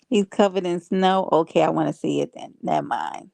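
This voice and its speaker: A woman's voice: on the low side, a little fast, vocal fry, hardly any pauses, dark tone, no room sound. A woman hosting a casual livestream, chatting with viewers and reading their comments aloud. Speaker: livestream host.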